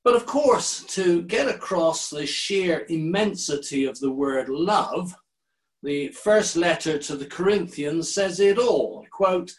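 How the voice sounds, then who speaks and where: An older man, a minister, giving a sermon in a measured, deliberate way and quoting scripture. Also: a little high, animated.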